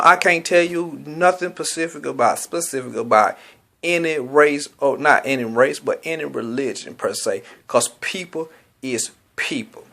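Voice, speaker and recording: Blunt, profane man with a slightly high voice. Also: bright, forceful tone. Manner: blunt, profane, preachy, rhetorical questions. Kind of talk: profane street monologue.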